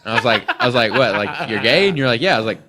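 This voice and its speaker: A man's voice: mid-range voice, lively intonation, rapid-fire, pushed and bright. A young man co-hosting a podcast, teasing his friend and retelling phone calls in a mock-sincere voice. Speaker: podcast co-host. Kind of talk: casual storytelling chat.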